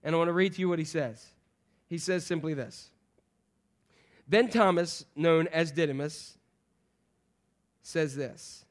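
A man preaching a sermon to a congregation in an animated, joking way, acting out voices of the people in the story. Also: a little high, unhurried, pauses often. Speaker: pastor.

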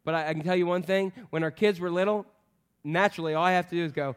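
A middle-aged man preaching a sermon as pastor, animated, swinging from loud calls to hushed, soft passages. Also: high voice, quick pace, clean tone.

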